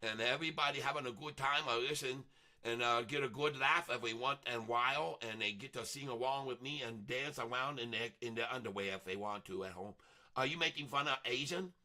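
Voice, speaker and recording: A man's voice: medium pitch, fairly quick, bright, forceful tone. A man putting on a giggly broken-English voice. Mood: gleeful. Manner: broken grammar, giggling, playful. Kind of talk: live-stream voice bit.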